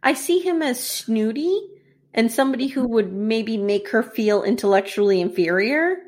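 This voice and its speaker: Female co-host, slightly high pitch, lively recap style, acts out lines, casual profanity. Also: normal speed. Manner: animated storytelling, acts out quotes, swears casually. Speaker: podcast co-host. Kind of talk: casual chat recapping a TV series.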